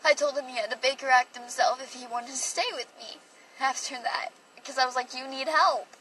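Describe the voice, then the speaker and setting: A young woman rambles emotionally through a personal story on a phone livestream, saying "like" constantly. Her high voice is steady, a little fast, and fairly bright. She sits away from the mic, with faint noise in the background.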